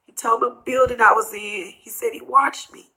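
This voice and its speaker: A middle-aged woman, tearful and tired, rambling through a personal story in a vlog and quoting others in hushed asides. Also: a little high, steady tone, moderate pace, rough recording. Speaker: vlogger telling a personal story.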